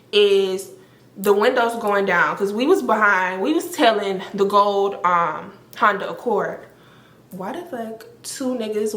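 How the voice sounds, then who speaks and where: A young woman telling a story to camera in a casual, animated and profane way, with many filler words. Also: mid-range voice. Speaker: storytime vlogger. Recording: roomy echo.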